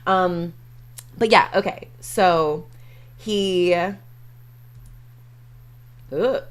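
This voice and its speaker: A woman's voice: fairly low pitch, extremely slow, clear, resonant tone. A woman streamer chatting casually and playfully, full of fillers and acted-out quotes while retelling a movie.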